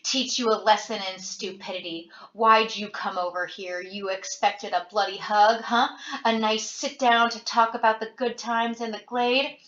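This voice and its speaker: A woman's voice: medium pitch, steady tone, measured pace, fairly bright tone, close to an everyday voice. A woman voicing a raging, bitter young man. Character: young man, feverish friend turning violent. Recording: roomy, dull lo-fi home recording.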